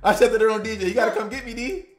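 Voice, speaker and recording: A woman doing excited gameplay commentary as a family YouTuber playing a video game with her child. She talks loudly and jumpily, often yelling in fright and chatting to her viewers. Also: on the high side, rapid-fire. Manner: jumpy and loud, shrieking and yelling when scared, chatting to viewers. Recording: roomy sound with game music behind.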